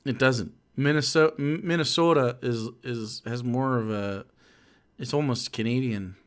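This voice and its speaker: A man's voice: medium pitch, measured pace, smooth. A man from Michigan reacting to a speech clip on a stream, with jokey, rambling asides. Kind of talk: casual reaction commentary.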